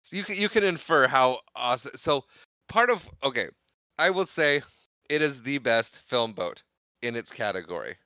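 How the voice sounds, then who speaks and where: A man's voice: mid-range voice, lively intonation, normal speed, bright, forceful tone, clear, resonant tone, no room sound. A man co-hosting a podcast, recapping a film in casual, jokey chat. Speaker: podcast co-host.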